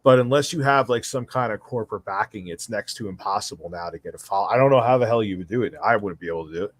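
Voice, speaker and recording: A man's voice: lowish voice, fast talker. A man speaking as a podcast guest, casual, blunt and wry.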